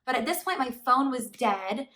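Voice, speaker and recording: A woman's voice: high voice, moderate pace. A woman vlogger telling a storytime to camera in a casual, chatty way, peppering her talk with "like". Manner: chatty, fillers of "like" throughout, animated retelling. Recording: voice somewhat far from the mic.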